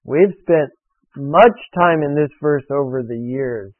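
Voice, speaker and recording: A man's voice: a little high, slow. A man preaching a sermon, emphatic and repetitive as he drills a point home to his congregation. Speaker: pastor. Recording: phone-like radio broadcast.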